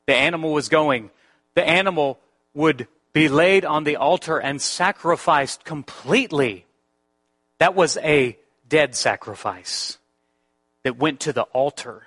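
A man pastor preaching a sermon, slowing down to stress key words and building to emphatic repetitions. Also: fairly high pitch, a bit bright.

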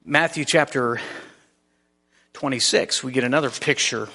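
A man's voice: medium pitch, normal speed, pushed and bright, big-room sound. A man preaching a sermon in a conversational way, often restarting his sentences. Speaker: pastor.

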